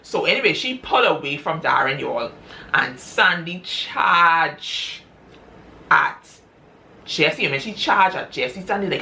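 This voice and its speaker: Low-voiced woman telling a story. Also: expressive, vocal fry, bright, forceful tone. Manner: chatty, drawn-out, addresses listeners as y'all. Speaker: storyteller retelling her own script. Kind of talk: casual spoken story recap.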